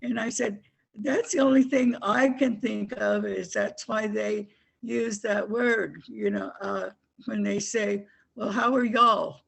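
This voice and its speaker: A woman's voice: medium pitch, fairly even intonation, slow pace, creaky, husky, low-quality recording. A woman student asking a question in class, hesitant with many fillers. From Oklahoma.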